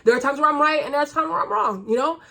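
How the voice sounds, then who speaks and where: A woman's voice: high-pitched, very fast, a bit bright. A young woman vlogger from the United States, ranting to camera in a loose, casual monologue. She is blunt and sarcastic, and she swears freely.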